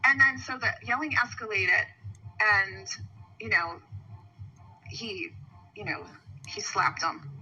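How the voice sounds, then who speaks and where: A woman's voice: mid-range voice, slow, long pauses, sharp tone, muffled recording. A woman giving a rambling statement to a police officer, full of "like" and retold quotes, picked up on a bodycam. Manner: rambling, heavy use of "like", voices other people when retelling.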